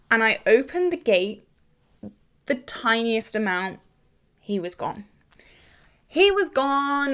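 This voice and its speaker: A young woman chatting casually to the camera while doing her makeup, telling a story in an animated, exclamatory way. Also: mid-range voice. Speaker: beauty vlogger.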